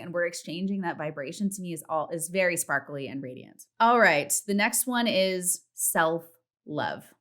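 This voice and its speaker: Lady podcaster in her 30s rambling at home, low-ish voice, swears a lot, goes squeaky when quoting herself. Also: moderate pace. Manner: chatty, animated, swears freely, acts out self-talk in a high voice. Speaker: podcast host. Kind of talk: casual solo podcast talk. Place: home, partner in the next room.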